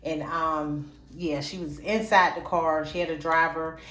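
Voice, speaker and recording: A woman from in her forties, chatting casually and excitedly as she shows off old keepsakes to her viewers. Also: low voice, unhurried. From Pittsburgh, USA. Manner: chatty, tickled, easily excited. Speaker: vlogger. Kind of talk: casual nostalgic show-and-tell. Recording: echoey room with soft background music.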